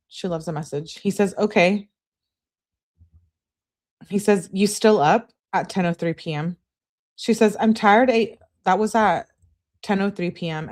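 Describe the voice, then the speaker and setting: A woman's voice: mid-range voice, a little mellow. Woman reading texts on a livestream. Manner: reads texts with "she says" tags, chats with viewers. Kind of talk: live stream reading aloud.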